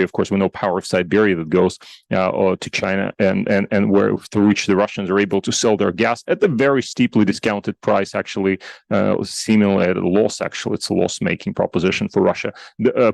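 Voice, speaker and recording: Gravelly-voiced man giving a panel talk. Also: fairly low pitch, darkish tone, no echo, low-quality recording. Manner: conversational, many restarts and rhetorical questions. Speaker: conference panelist.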